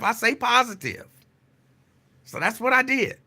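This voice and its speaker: A man hosting a loose, rambling talk stream in a high, very bright voice. He chats with viewers, drifts between topics and repeats lines to drive a point home. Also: lively intonation, normal speed, creaky. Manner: chatty, digressive, answers chat comments; repeats phrases for emphasis. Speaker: talk show host. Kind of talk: casual live-stream talk.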